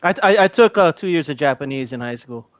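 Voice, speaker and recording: A man chatting as a guest on a video call, halting and often repeating himself. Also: on the high side, lively intonation, dry recording, muffled recording. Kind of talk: casual chat.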